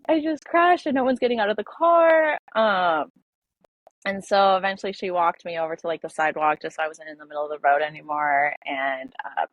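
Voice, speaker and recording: Low-voiced young woman, halting storytelling. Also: dry recording. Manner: halting, filler-heavy, emotional retelling. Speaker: podcast guest. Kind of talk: personal storytelling in an interview. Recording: dull lo-fi dry audio.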